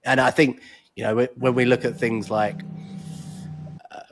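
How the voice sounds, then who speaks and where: A man hosting an interview, asking halting questions with many restarts and repeated words. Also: mid-range voice, little pitch movement, faint music behind. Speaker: interview host.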